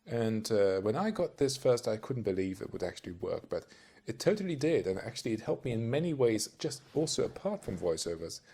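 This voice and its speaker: A man's voice: on the low side, very animated, fairly quick, dark tone, husky. A man talks to camera as a voice-over coach, chatty and a little rambling. He keeps turning to the listener with little questions. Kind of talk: casual talk-to-camera tutorial.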